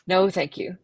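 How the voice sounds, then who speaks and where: A woman in casual podcast chat, laughing easily and searching for words as she talks. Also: background noise.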